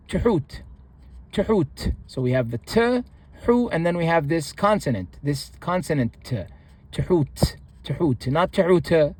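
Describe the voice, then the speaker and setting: A man giving a relaxed spoken language lesson, reading from a book and repeating each word several times. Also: on the high side. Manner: repeats words slowly, with pauses and restarts. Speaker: language teacher.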